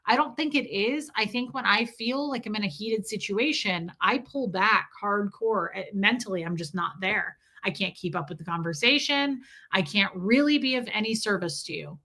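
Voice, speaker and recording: Here a livestream host goes through viewer comments at a normal speed with few pauses. Her mid-range voice is pushed and bright, and her casual talk to viewers rambles, with sentences that trail off and restart.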